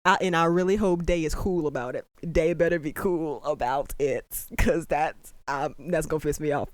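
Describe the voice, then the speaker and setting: Excitable young reaction vlogger, dry sound. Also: medium pitch, moderate pace, no echo. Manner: excitable and emotional, swears freely. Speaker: reaction commentator. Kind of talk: casual reaction commentary.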